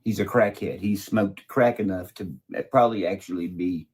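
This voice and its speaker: A man's voice: sits low, moderate pace, husky. A man ranting in a profane, mocking way. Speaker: video creator. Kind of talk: angry rant.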